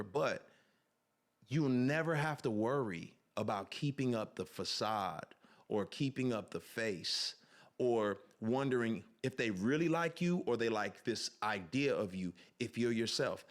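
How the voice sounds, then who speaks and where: A man on a podcast earnestly reflects on authenticity and tells personal stories in an animated way. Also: on the low side. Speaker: podcast guest. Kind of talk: reflective storytelling.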